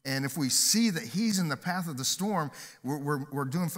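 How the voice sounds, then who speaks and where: A man's voice: fairly high pitch, expressive, a little fast, fairly bright tone. A man preaching a sermon from a church stage as pastor, upbeat and emphatic, slipping in jokes. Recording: long hall reverb.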